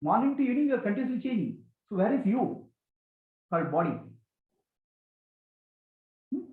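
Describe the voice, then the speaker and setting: Man, spiritual teacher, high lively voice, echoey tinny recording. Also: moderate pace. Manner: animated, questioning, repeats key phrases. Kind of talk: question-and-answer spiritual talk. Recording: echoey, tinny phone-like sound.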